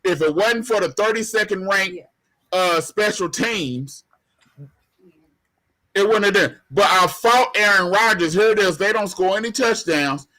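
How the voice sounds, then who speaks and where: This man's voice is high-pitched, bright, and forceful, and he speaks a little slowly. He's in a heated football argument on a sports panel, hammering his points in casual language and saying the same things over and over.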